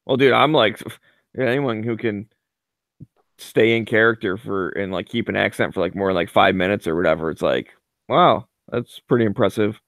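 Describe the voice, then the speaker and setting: A man's voice: lowish voice, normal speed, fairly bright tone, dry recording. Casual rambling man, dry sound. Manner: rambling storyteller, lots of fillers. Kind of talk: casual chat.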